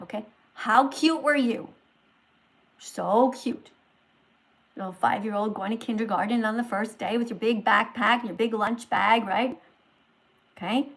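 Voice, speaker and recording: High-voiced woman hosting a livestream in a teacher role; moralizing, scolding lecture. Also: low-quality recording. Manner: scolding, moralizing, swings loud to soft. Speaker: livestream host posing as a teacher.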